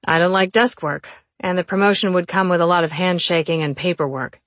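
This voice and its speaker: A woman's voice: fairly low pitch, fairly even intonation, fairly quick, no echo, close to an everyday voice. Woman reading as a grumbling cop brother. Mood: earnest. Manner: grumbling, plain-spoken. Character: male police officer, steady and protective older brother.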